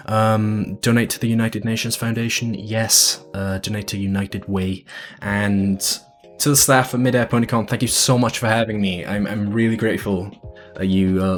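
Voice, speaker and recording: A young man with a fairly low voice talks earnestly at an online fan convention panel, rambling and doubling up words as he goes. He speaks from a room at home. Soft music plays faintly in the background. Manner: earnest, rambling, repeats words when starting sentences. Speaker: convention panelist and video editor.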